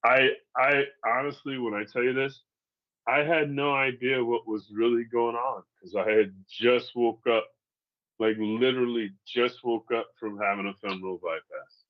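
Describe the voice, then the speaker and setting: In lo-fi audio, a man from Seattle in his forties talks at a moderate pace with medium pitch and fairly even intonation. He candidly narrates his own survival, casual and profane, laughing as he gets through the tough parts.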